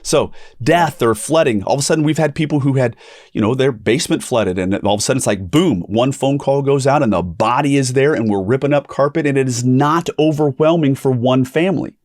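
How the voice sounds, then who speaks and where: A middle-aged man hosting a ministry podcast, telling a personal story with animated delivery and acted-out quotes. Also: mid-range voice, a little fast, no echo, studio quality. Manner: animated storyteller, acts out quoted voices, repeats words. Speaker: podcast host and pastor.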